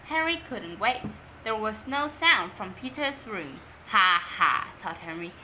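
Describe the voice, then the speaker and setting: A woman reading a children's storybook aloud in English, lively and expressive, Vietnamese native speaker. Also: mid-range voice, a little slow, slight background noise, poor audio. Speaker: story reader.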